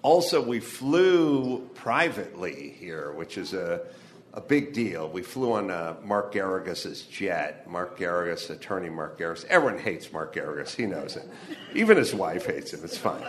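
A man's voice: deep voice, very animated, moderate pace, a little hiss or hum. A man from the Los Angeles area performing a stand-up comedy monologue live on stage, ranting with profanity and wry asides.

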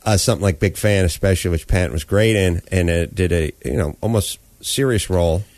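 A man's voice: low voice, a little fast, no echo. A middle-aged man, a comedian telling a long story in casual chat, ranting, swearing and acting out what other people said. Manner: animated ranting, acts out quoted people, swears. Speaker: comedian and sitcom creator.

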